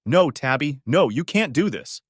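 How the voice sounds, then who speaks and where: Figure: betrayed young husband, acted by a man. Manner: shouting, accusing. Pitch: lively. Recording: dry. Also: measured pace, breathy edge, dry recording, exaggerated voice. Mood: furious.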